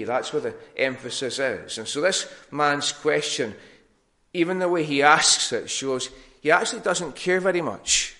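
Bright-voiced male preacher. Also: medium pitch. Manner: conversational, with frequent fillers and restarts. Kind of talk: sermon.

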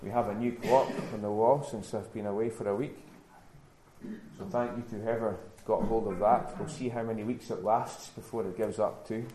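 A man's voice: lowish voice, fairly even intonation, normal speed, noisy background. Man preaching a sermon in an echoey church. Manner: earnest, builds to emphatic repetition. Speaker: pastor. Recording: roomy church echo.

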